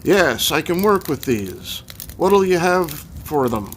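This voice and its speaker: A man reading aloud and voicing a polite, formal foreign gentleman with a put-on Hungarian accent, in a storybook reading. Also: a little high, big pitch swings, slow, slight background noise, pitched above the performer's own voice. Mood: courteous. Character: courteous foreign man seeking bones.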